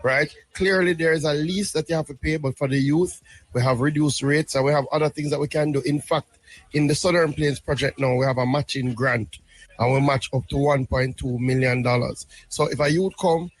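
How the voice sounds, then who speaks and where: A man's voice: a little high, fairly even intonation, brisk, dry recording. A man, a government minister explaining policy patiently in an interview, often checking in with "right?". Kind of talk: interview answers.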